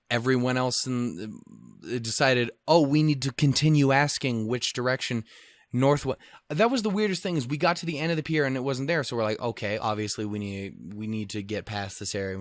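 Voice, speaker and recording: A man's voice: medium pitch, no room sound. A man hosting a podcast alone, telling a rambling, profane, self-deprecating travel story in casual chat. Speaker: podcast host. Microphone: podcast microphone.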